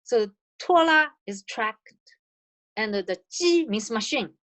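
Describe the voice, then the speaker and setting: A woman's voice: a little high, animated, a bit bright. A middle-aged woman whose first language is Chinese, presenting an online language lesson over a video call with patient, careful demonstrations. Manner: patient, demonstrates counting and tongue twisters slowly.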